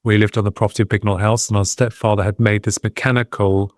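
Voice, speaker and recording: A man, a guest on a talk podcast, telling a personal story in a reflective, meandering way with pauses and restarts. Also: fairly low pitch, little pitch movement, no echo, studio quality. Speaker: guest, medium and UFO researcher. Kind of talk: casual podcast interview storytelling.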